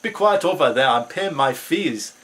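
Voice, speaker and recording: A man voicing an anxious young male Nigerian student with a Nigerian accent, loud and pleading. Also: a little high, animated, moderate pace, pitched above the performer's own voice.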